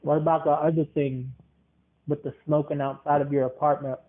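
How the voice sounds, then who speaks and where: A man's voice: a little high, flat delivery, a little fast. A man hosting a podcast, rambling casually, repeating words and leaning on fillers. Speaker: podcast host. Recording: tinny phone-line sound.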